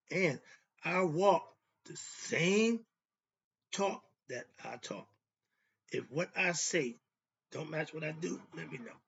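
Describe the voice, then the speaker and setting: Gravelly, bright-voiced older man preaching. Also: a little high. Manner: emphatic, repetitive, asks himself rhetorical "why?". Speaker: self-described spiritual teacher. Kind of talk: casual spoken monologue. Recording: dull lo-fi recording.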